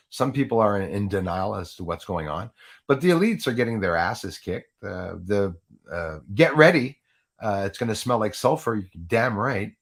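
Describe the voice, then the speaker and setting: A man's voice: lowish voice, breathy edge. A man hosting a live stream in a rambling, casual way, often restarting and laughing at his own jokes, into a USB microphone at home. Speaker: livestream host. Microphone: Yeti USB microphone.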